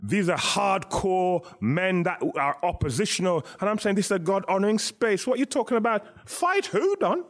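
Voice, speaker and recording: A man preaching a sermon, exuberant, laughing and shouting Hallelujah. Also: sits high, fairly quick, few pauses. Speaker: pastor and guest speaker.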